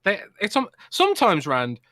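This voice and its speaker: Bright-voiced West Midlands man. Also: high-pitched, wildly swooping pitch, moderate pace, no room sound, clean studio sound. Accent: West Midlands English. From West Midlands, England. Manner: teasing, hesitant restarts. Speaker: podcast co-host. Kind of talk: casual podcast chat.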